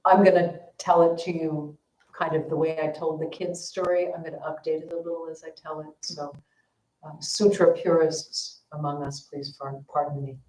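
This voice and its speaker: A woman's voice: low voice, little pitch movement, moderate pace, a little mellow. Woman telling a story in an echoey hall. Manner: casual, self-deprecating, with fillers. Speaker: dharma teacher. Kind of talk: storytelling dharma talk. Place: temple hall.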